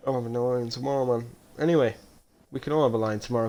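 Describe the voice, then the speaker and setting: Speaking fast in a medium pitch, this sim racing commentator calls a race live on stream. Self-deprecating, rambling chatter fills the quiet stretches, and incidents set off loud, excited outbursts.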